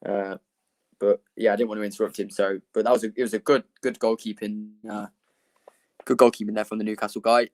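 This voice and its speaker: A man's voice: lowish voice, level tone, a little fast, a little mellow. A young man hosting a live football watchalong, chatting casually with viewers and rambling between bursts of commentary. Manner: chatty, rambling, laughs often. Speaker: livestream host.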